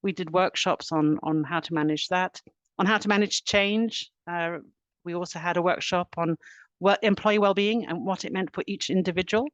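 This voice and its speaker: A middle-aged woman, an HR director, giving a webinar presentation in an earnest, steady way, laying out points step by step. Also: lowish voice, moderate pace, no echo. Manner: earnest, steady explaining, lists actions step by step.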